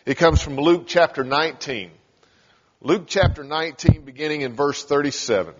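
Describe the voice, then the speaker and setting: A man's voice: on the high side, moderate pace. A man preaching a sermon, telling scripture stories and acting out the lines. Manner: storytelling, acting out scripture scenes. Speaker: pastor. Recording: dull sound in a large reverberant hall.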